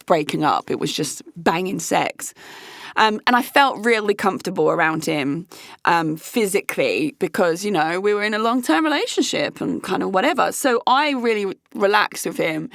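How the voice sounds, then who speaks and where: A woman's voice: on the low side, fairly bright tone, dry recording, clean studio sound. A woman, talking frankly and casually to her viewers and swearing freely. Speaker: host. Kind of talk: candid casual chat.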